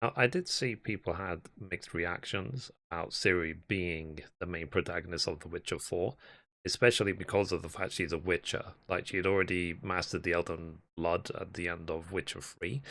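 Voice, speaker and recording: A man's voice: sits low, moderate pace. A man hosting a reaction video, chatting casually to viewers between clips. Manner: relaxed, conversational asides to viewers. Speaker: reaction channel host.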